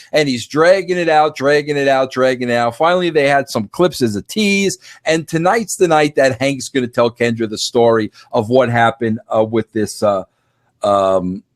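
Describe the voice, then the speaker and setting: Podcast host, male, fifties. Animated, emphatic delivery with frequent stammering restarts. Dry sound. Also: mid-range voice, no echo. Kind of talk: casual monologue.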